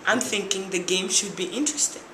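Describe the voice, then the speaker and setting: A woman's voice: mid-range voice, a little fast. A young woman from Tanzania, a former reality show contestant, telling her story in an interview and acting out what people said. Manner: lively storyteller who acts out other people's lines. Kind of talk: interview, animated retelling. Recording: echoey room with faint noise.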